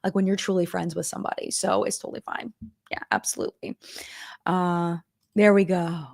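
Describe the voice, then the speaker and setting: A woman's voice: lowish voice, fairly even intonation, fairly quick, creaky, no echo, studio quality. A middle-aged woman hosting a live-stream chat, talking casually and emotionally, with many fillers and restarts. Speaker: live-stream commentary host.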